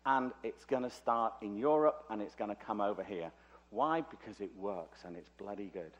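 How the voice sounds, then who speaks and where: A man's voice: on the low side, lively intonation, moderate pace, muffled recording. A man from Liverpool with a British accent, lecturing at a conference with chatty, joking asides. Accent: British English. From Liverpool, England. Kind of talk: conference talk. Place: conference hall.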